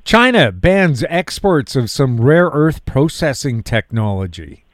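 A male radio host with a mid-pitched voice reads news headlines and tosses in dry quips. The recording is close and dry, with no room sound. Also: big pitch swings, measured pace, dry recording. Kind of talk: reading news items and chatting.

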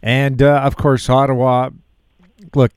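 A male radio host with a mid-pitched voice reads news headlines and tosses in dry quips. The recording is close and dry, with no room sound. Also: level tone, a little slow, clean tone, no echo. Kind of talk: reading news items and chatting.

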